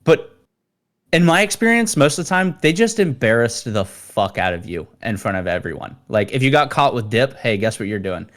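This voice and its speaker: A man's voice: mid-range voice, sing-song, normal speed. A man co-hosting a casual podcast, telling profane military training stories and acting out the people in them. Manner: profane, storytelling, acts out quoted instructors in a louder voice. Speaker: podcast co-host. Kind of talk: casual chat.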